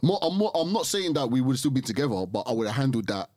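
A man's voice: mid-range voice, big pitch swings, darkish tone, dry recording, clean studio sound. A man co-hosting a podcast in casual chat, speaking in a reflective way and filling his sentences with "like". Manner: fast, reflective, heavy use of "like". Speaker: podcast co-host.

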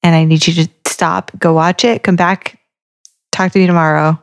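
A woman with a fairly low voice chatting casually on a podcast. She works through lyrics piece by piece and thinks out loud, with loose restarts along the way. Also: little pitch movement, normal speed. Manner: talks through song lyrics line by line, thinking aloud. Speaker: podcast co-host. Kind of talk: casual chat.

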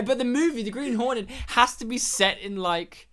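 A woman's voice: on the high side, moderate pace, a bit bright. A woman from Poland, co-hosting a casual film chat, joking and laughing often as she acts out scenes. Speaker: podcast co-host. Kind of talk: casual chat about films.

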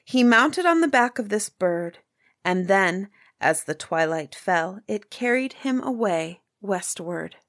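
A woman reading aloud, voicing a humble old male seer who speaks in a grave, measured way. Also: medium pitch, animated, a bit bright, dry recording, studio quality. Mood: solemn.

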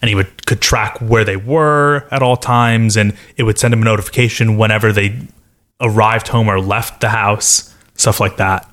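A man's voice: lowish voice, fairly even intonation, normal speed, fairly bright tone. A man chatting casually and explaining plainly. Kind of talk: casual chat.

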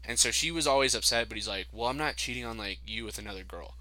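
Young adult male co-host, bright tone, swears freely, acts out quotes in chat. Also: lowish voice, quick pace, poor audio. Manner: profane storytelling, acts out quotes. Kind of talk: casual chat.

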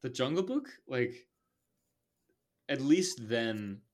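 A man's voice: medium pitch, lively intonation, takes it slowly, a little mellow. A man co-hosting a casual movie podcast, talking bluntly and laughing often, with casual swearing. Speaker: podcast co-host. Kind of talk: casual chat.

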